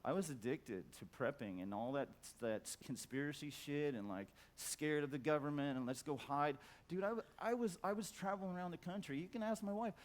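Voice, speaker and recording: In a conference hall, a middle-aged speaker talks briskly with few pauses, giving a blunt, emphatic, profane talk and stacking repeated words for effect. When he quotes others, he acts them out in a loud, high squawk.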